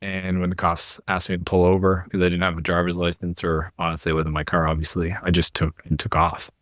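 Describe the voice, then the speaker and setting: A man's voice: deep voice, monotone, a little fast, a bit bright, dry recording, studio quality. A middle-aged man, a podcast guest, telling his life story candidly and earnestly, often quoting other people as he goes.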